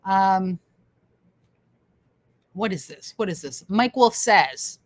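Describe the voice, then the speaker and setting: A Canadian livestream host takes her time, pausing often, her medium-pitched voice expressive. Reading viewer comments aloud on a casual stream, she sounds enthusiastic, laughs frequently, and repeats phrases.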